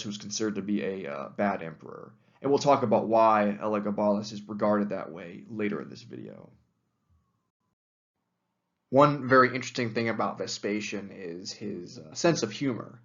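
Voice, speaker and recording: A man's voice: fairly low pitch, lively intonation, normal speed, highs cut off. A young adult man giving a recorded history lecture, talking casually with many fillers. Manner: casual, conversational with frequent fillers.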